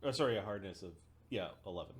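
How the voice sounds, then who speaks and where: A man playing a tabletop game, quickly checking rules and laughing along with the others. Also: on the low side, expressive, breathy edge. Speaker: player.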